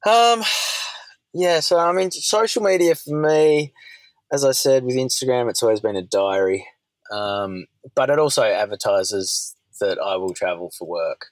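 A man's voice: medium pitch, dry recording, poor audio. A man who works as a surf commentator, talking candidly as a podcast guest. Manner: candid, measured storytelling. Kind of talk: casual conversational chat.

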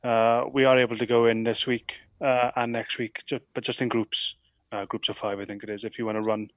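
A man from Wales, a rugby player, answering questions in a relaxed, hesitant way with many pauses. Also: mid-range voice, no echo. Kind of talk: interview answers.

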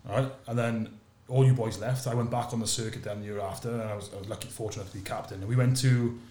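Fast-talking man telling a story. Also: roomy sound. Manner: lively anecdote-telling, drops low and quiet for asides. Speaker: podcast host and former sevens captain. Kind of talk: animated storytelling in a casual chat.

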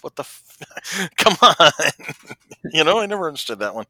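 A man in his forties co-hosting a podcast, chatting in an animated, laughing way and wandering off on tangents. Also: fairly high pitch, fairly quick, no echo. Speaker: podcast co-host. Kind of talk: casual chat.

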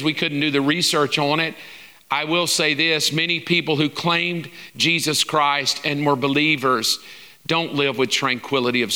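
A man's voice: fairly high pitch, sharp tone, long reverb tail. A man preaching a sermon as a pastor, impassioned and conversational, firing off rhetorical questions and poking fun at himself.

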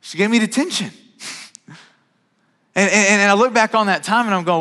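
A pastor in his thirties preaches with a lively, conversational flow, stumbling over and repeating his words as he goes. His voice is slightly high and sharply bright. The sound carries a long reverberation from a church sanctuary. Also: moderate pace. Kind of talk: sermon. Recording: reverberant hall.

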